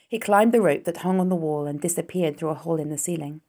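A woman reading a children's novel aloud in a calm, steady storytelling voice. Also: low voice, fast, few pauses.

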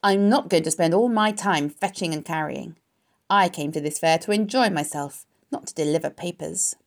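A woman's voice: lowish voice, normal speed, natural voice. A woman doing a sneering greedy rat. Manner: sneering, boastful. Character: sneering greedy male rat, self-serving. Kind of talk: storybook reading.

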